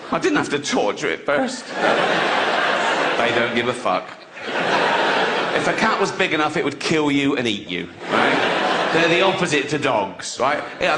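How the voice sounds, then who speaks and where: A middle-aged man doing a stand-up routine, crude and mocking, acting out silly voices. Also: mid-range voice. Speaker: stand-up comedian. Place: stage before a live audience. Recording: loud background noise from a live crowd. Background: loud audience laughter.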